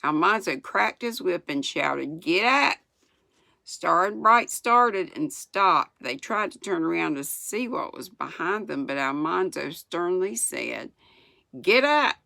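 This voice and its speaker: A woman in her sixties from the United States, reading a children's book aloud in an unhurried way. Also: on the low side, lively intonation, vocal fry, pushed and bright, no room sound. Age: 60s. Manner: unhurried, chuckles at the story. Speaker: storyteller.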